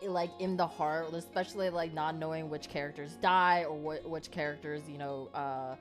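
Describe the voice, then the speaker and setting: A woman's voice: sits low, steady tone, normal speed, faint music behind. A woman co-hosting a casual podcast chat, rambling with many fillers and laughing often. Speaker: podcast co-host.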